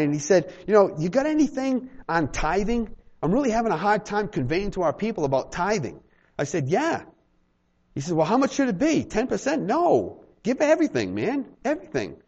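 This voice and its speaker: On a muffled recording, a high-voiced male pastor preaches to a small gathering, playing out little conversations and trading jokes with the congregation in a lively way.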